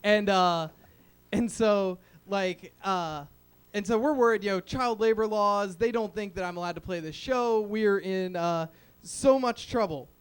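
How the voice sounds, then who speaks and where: With a high, clear, resonant voice and a measured pace, a young man works through a filler-heavy, self-deprecating stand-up set. He rambles on a small open-mic stage.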